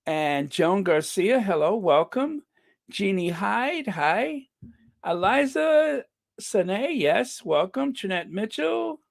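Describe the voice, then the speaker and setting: A man hosts a live stream and chats casually, greeting viewers one by one with jokey asides. His voice sits fairly high, and his speech is slow and unhurried. The sound is dry and close. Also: big pitch swings, vocal fry, dry recording.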